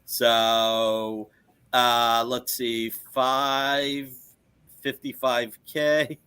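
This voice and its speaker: A man dealing in comic art, giving an enthusiastic, rambling sales pitch in casual talk. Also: flat delivery, extremely slow, sharp tone, clear, resonant tone.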